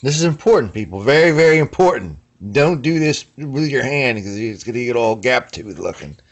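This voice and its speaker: A man's voice: medium pitch, lively intonation, moderate pace. A man showing guitar parts in a casual workshop vlog, rambling and slangy, tagging lines with "you know what I mean" and "man". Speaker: guitar builder.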